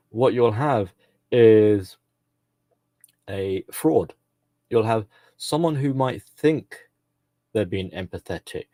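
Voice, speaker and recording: Low-voiced man in a rambling monologue. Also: dark tone, no echo. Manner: rambling, frequent fillers and self-corrections. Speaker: commentator. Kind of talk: casual commentary monologue.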